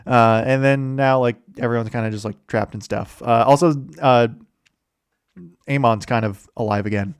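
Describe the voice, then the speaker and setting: A man hosts a casual recap of a game's story, rambling, correcting himself and chuckling as he goes. His voice is smooth and clear at a mid pitch. The sound is close and dry. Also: steady tone, normal speed, no room sound. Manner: rambling, with many fillers, self-corrections and chuckles. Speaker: host. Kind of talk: casual game campaign summary.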